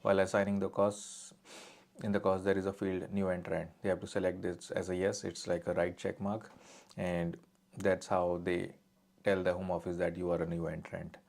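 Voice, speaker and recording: A man's voice: low voice, little pitch movement, moderate pace, vocal fry, a little mellow. A man answering viewer questions on a live stream as an immigration adviser, reading each one out and then answering plainly and directly.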